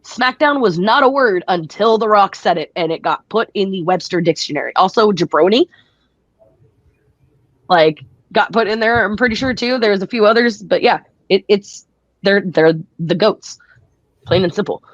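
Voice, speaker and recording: A woman's voice: medium pitch, expressive, normal speed, dry recording, dull audio. A woman being interviewed about her wrestling career, telling stories casually with frequent laughs. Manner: chatty, laughs often, acts out quotes. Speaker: guest wrestler.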